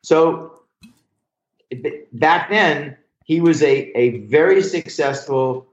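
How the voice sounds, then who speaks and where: A man's voice: fairly high pitch, slow. Older guy telling old comedy gig stories, cusses a lot, echoey room, kinda muffled audio. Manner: animated anecdotal storyteller, swears freely. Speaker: comedy writer guest. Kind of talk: casual storytelling interview. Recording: roomy, dull lo-fi sound.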